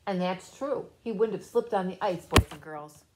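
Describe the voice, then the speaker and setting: A woman's voice: lowish voice, moderate pace, heavy background noise. A woman reading a children's story aloud and talking directly to the children listening. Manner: animated, talks directly to children.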